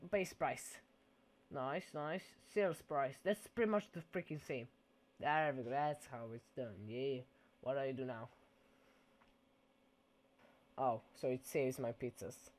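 A man's voice: mid-range voice, normal speed. A man giving casual gameplay commentary in a goofy, playful way, dropping mock-Italian exclamations.

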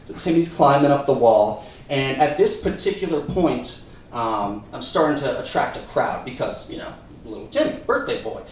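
A man's voice: mid-range voice, normal speed, slight background noise. A young man performing a stand-up comedy set on a theater stage, telling a story and acting out the people in it. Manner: animated storytelling, acts out the people in his story. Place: theater stage with live audience. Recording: echoey room from a distance.

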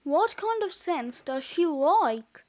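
An eager young shop clerk offers help in a bright, high voice, as a woman reading a storybook puts her on. She takes her time with each question. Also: big pitch swings, slow, heavily acted. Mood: helpful.

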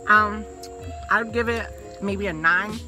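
A woman's voice: medium pitch, takes it slowly. Teen girl running a candy taste test, giggly, bossy, music in the background. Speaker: channel host.

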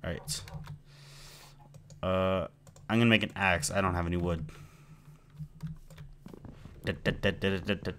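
A man's voice: low voice, steady tone, normal speed, long pauses, a bit bright, a little hiss or hum. A man giving rambling, playful commentary while playing a video game and chatting to his in-game pet. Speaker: gameplay video host. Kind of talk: casual let's-play commentary.

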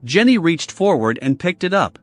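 Male narrator, first-person story, bitter and controlled, animated pitch, dry sound, faint music underneath. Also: moderate pace, no echo.

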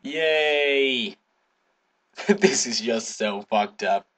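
A man giving casual gameplay commentary, excitable, swearing, humming to himself and breaking into sudden high yelps. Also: slow, breathy edge. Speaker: gaming video host.

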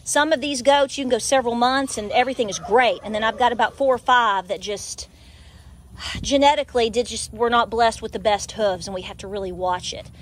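A woman with an Appalachian accent and a high voice rambles through a casual farm vlog, now and then cooing softly to her goats. She is recorded outdoors on a small farm, with faint animal and rooster sounds in the background. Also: brisk, slight background noise. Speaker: homesteader.

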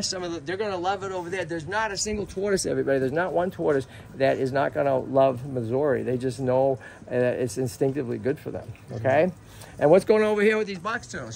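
A man hosting a casual outdoor vlog at a tortoise sanctuary, energetic and animated, constantly checking in with "right?". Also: a little high, creaky, slight background noise.

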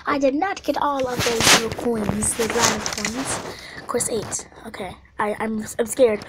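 A woman giving casual commentary over a video game, swinging between quiet mumbling and excited squeals and panicked shouts. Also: on the high side, takes it slowly, slight background noise, rough recording. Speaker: gameplay video host.

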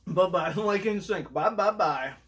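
A man hosting a casual food review vlog, excitable and talking while he chews. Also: high voice, measured pace. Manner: excitable, talks while chewing.

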